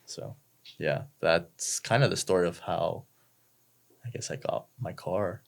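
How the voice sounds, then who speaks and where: A man's voice: sits low, measured pace, creaky. A young man, a podcast guest telling a story casually, laid-back and swearing freely. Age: young adult.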